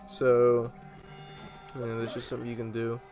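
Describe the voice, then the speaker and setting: A man giving laid-back gameplay commentary in a mid-pitched voice, pausing often with fillers. Clear video game music plays under his talk. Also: low-quality recording. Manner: relaxed, rambling with many fillers. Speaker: let's play host.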